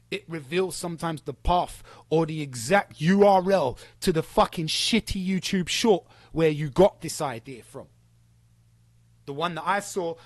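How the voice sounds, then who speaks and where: A man's voice: fairly high pitch, dry recording. A man delivering an angry, profane, sarcastic callout rant against a rival. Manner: heated, profane, sarcastic, mocking. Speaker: streamer calling out a rival.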